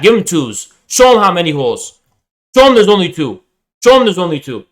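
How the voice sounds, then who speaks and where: A man's voice: high-pitched, very animated, a little fast, low-quality recording. A man streaming a debate and ranting at his chat, aggressive, taunting and profane. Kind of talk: livestream debate and rant at chat.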